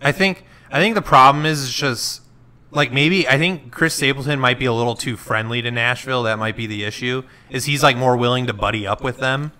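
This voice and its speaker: Young male podcast host, bright and pushy tone, fast filler-heavy rants. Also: mid-range voice. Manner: animated, ranting, quick bursts with many fillers. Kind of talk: casual chat.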